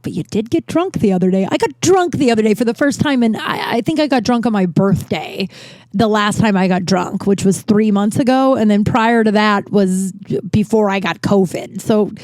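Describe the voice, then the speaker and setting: A woman's voice: medium pitch, darkish tone. A woman in her thirties, a comedian, talks through a personal story on her podcast in a loose, rambling way. She is candid and self-deprecating and swears freely. Her mid-range voice sounds close and dry, with no room echo. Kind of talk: casual storytelling monologue.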